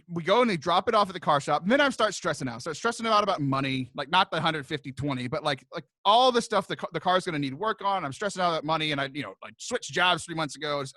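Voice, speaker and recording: A young man tells a long, rambling story in a casual podcast chat, stumbling over restarts and breaking into laughter. His voice is bright and forceful and a little high for a man. The sound is close and dry, with no room echo. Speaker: podcast co-host.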